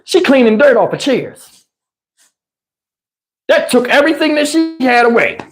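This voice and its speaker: A man telling a comic story on a livestream in an animated, emphatic, slangy way, with lots of cursing, into a lapel mic. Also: very high voice, a little slow. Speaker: livestream host. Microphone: wireless lapel mic.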